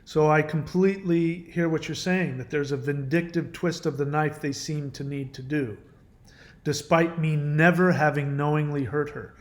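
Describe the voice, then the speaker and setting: A man with a slightly high voice recounts a painful personal experience. He speaks earnestly and haltingly, circling back and restarting his sentences as he goes. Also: steady tone. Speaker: caller sharing a personal story. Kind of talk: emotional personal account.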